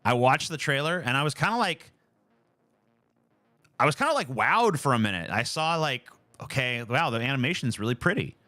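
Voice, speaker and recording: A man's voice: medium pitch, fairly quick, few pauses, dry recording. A man streaming live from home, chatting casually and ranting with lots of swearing. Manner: animated, profane, ranting.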